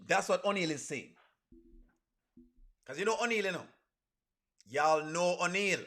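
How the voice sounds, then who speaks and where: A Jamaican man riffing live on a reaction stream. His voice is high and bright. He keeps firing rhetorical questions at his viewers. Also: animated, a little slow. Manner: asks the chat rhetorical questions, creole grammar. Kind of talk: casual live reaction commentary.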